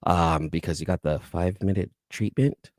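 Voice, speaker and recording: Recorded dry in a clean studio, a low-voiced man with a darkish tone hosts a casual YouTube comic-book haul vlog about his collection. He wanders through his points with many restarts and self-interruptions, adding quick asides to the live chat.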